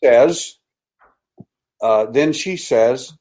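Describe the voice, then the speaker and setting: Older man telling a hushed tale. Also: medium pitch, poor audio. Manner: halting, hushed dramatic storytelling. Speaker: interview guest, abduction researcher. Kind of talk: storytelling in a podcast interview.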